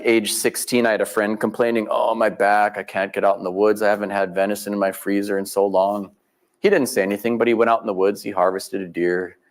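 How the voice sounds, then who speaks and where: A middle-aged man giving a talk as guest speaker, telling stories in a folksy way and acting out the people he quotes. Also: lowish voice. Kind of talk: storytelling lecture. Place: live event venue.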